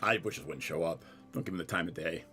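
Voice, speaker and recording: A man's voice: low-pitched, fairly quick, sharp tone, faint music behind, voice pushed down. A man voicing a male owlfolk tavern assistant manager who is easygoing and offhand.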